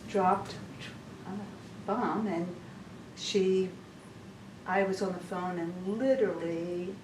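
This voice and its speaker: A woman giving a casual testimony at a church women's session, chatty and full of restarts. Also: mid-range voice. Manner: chatty, stumbling restarts, laughs often. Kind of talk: informal testimony talk. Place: church hall. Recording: echoey room, mic far off, noisy.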